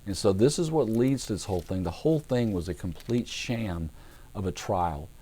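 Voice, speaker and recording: A man, a pastor, teaching a Bible passage in a relaxed, conversational way, acting out the figures as he goes. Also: fairly low pitch, normal speed, breathy edge. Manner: conversational storytelling with acted-out voices; relaxed, with fillers and restarts.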